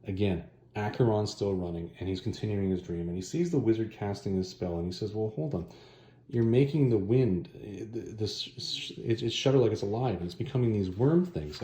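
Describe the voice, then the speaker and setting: A man casually recapping a comic book plot, loosely paraphrasing the characters with quick offhand asides. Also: on the low side, dark tone, echoey room.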